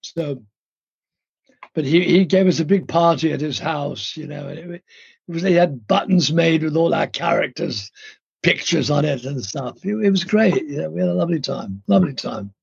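A man's voice: a little high, animated, normal speed, gravelly, slightly rough, no room sound, muffled recording. An older man from India, a guest actor telling stories in a rambling, hesitant way with many ums and restarts, heard over a remote line. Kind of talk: casual interview storytelling. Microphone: remote call line.

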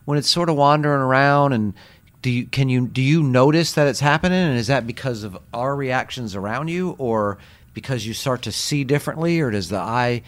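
A man in casual podcast conversation who stops and restarts his sentences as he thinks aloud. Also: mid-range voice. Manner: halting, restarts a lot while thinking aloud.

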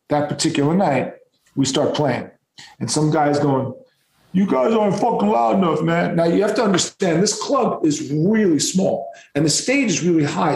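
A rock musician telling tour stories in a casual, animated and profane way. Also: male voice, a little high, reverberant, rough recording. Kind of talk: casual storytelling.

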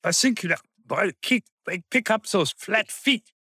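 A harsh old Swiss gym teacher barks commands in broken English, put on by a man. The voice shoots up high and drags out its words, with a thick Swiss accent. It sounds dry and close. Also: lively intonation, a little slow, bright, forceful tone, husky, no echo, heavily acted. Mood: barking.

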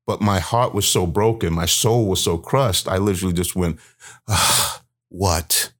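A man's voice: low voice, moderate pace. A man as a guest, earnestly and emotionally recounting a personal story and acting out what people said. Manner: earnest, emotional, vivid retelling with acted-out quotes.

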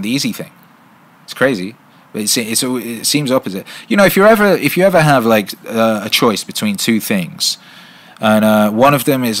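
A man's voice: fairly low pitch, fairly bright tone. A middle-aged man hosting a show and answering viewer questions in casual talk, blunt and profane, rambling and repeating himself for emphasis. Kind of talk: casual solo livestream talk.

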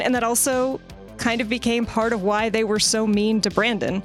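A woman with a fairly high voice chats casually on a podcast about the character she plays in a tabletop game. She rambles comfortably and leans on filler words as she explains herself, with faint music under her. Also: flat delivery, fairly quick. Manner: chatty, lots of "like" fillers.

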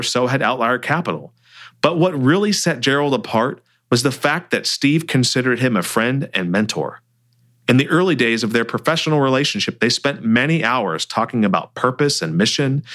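A male author reads his own story aloud with an animated, expressive delivery. His pitch moves freely across a wide range. The tone stays steady in the middle register. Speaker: author and narrator. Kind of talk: audiobook-style story reading.

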